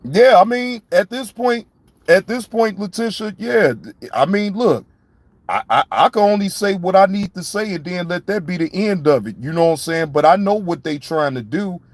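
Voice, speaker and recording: A man's voice: high-pitched, expressive, normal speed, no echo. A man hosting a casual live-stream reaction show, speaking, profane and repetitive, addressing viewers in the chat by name.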